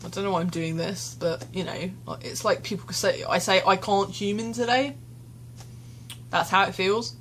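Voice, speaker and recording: A woman's voice: medium pitch, fairly even intonation, moderate pace, a bit bright, a little hiss or hum. A young woman vlogging candidly into her phone, rambling and self-deprecating, tearful and shaken. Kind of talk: candid confessional vlog. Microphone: phone camera.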